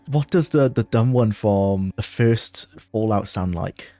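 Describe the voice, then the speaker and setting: A man giving let's play commentary on a mobile game, excitable, with jumpy bursts of panic and frequent laughter. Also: fairly low pitch, takes it slowly, faint music behind. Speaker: gaming video creator.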